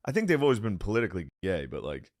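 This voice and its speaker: A man's voice: low-pitched, huge pitch swings, rapid-fire, no room sound, clean studio sound. A man co-hosting a podcast over a video call, joking and swearing as he talks over the others. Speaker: podcast co-host.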